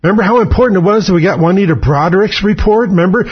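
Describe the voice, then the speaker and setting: A man's voice: high voice, fast, breathy edge. A man hosting talk radio, delivering an angry, profane, sarcastic political rant on muffled lo-fi radio audio.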